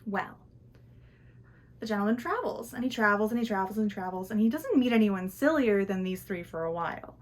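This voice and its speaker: A woman's voice: mid-range voice, expressive, brisk. A young woman in her twenties telling a folktale in a casual, chatty way with fillers and restarts, recorded at home. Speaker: student storyteller. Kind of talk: casual oral storytelling of a folktale.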